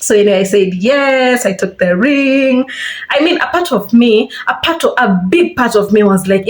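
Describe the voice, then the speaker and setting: A woman's voice: mid-range voice, fairly quick, echoey room. A young woman with a Kenyan accent tells a story in a casual, chatty way while she gets ready. She retells events with animation and puts a bit of life into the lines she quotes. The sound is a simple phone-camera recording. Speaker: vlogger. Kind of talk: casual storytime while doing her hair.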